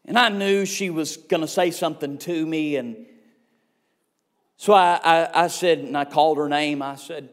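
High-voiced preacher telling stories. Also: male voice, measured pace. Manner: folksy and emphatic, with comic exaggeration. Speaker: revival preacher. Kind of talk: humorous storytelling sermon.

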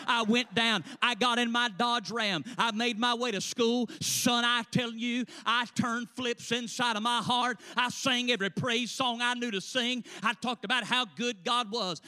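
A male preacher tells his story with rhythmic, sing-song energy. His voice sits high and rings bright and forceful. He keeps a lively, animated preaching cadence throughout. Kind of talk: storytelling sermon.

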